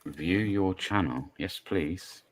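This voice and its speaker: A man hosting a live stream, talking in a relaxed, easygoing way while sharing clips. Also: low voice, slow, a little hiss or hum. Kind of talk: casual live-stream chat.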